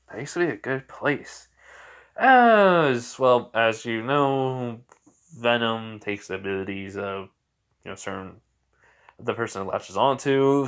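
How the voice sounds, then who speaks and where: Man narrating fan fiction off the cuff, loose and sleepy, fillers everywhere. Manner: rambling, full of fillers and restarts, quick pitch jumps for dialogue. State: drowsy, just woke from a nap. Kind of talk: casual improvised fan story narration.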